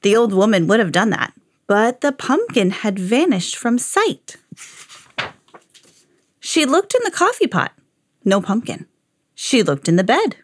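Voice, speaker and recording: A woman's voice: medium pitch, no room sound, clean studio sound. A woman, a mother, reading a children's picture book aloud in a sing-song storytelling way.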